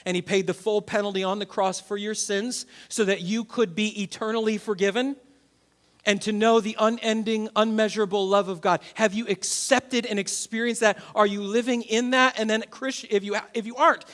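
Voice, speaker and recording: Pastor guy preaching, kinda high voice, gets loud then drops way down soft. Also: brisk. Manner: animated, swings from loud to quiet. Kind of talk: sermon.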